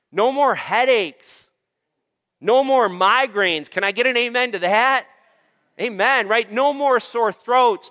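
A man's voice: high voice, sharp tone, long reverb tail. A man preaching a sermon as pastor, emphatic and repetitive, calling on the congregation for amens. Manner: emphatic, repeats phrases, calls for amens.

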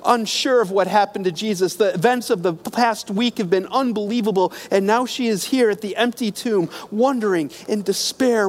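A man with a notably high voice delivers a sermon, retelling scripture as a story. He leaves pauses, corrects himself here and there, and sinks into hushed, quiet passages. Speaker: preacher.

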